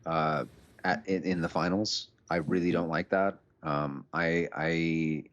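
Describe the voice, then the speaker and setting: A man hosting and casting a live online game tournament, chatty and relaxed, often restarting his words. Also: sits low, slow pace, lo-fi sound. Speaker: tournament host and caster. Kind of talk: live esports commentary.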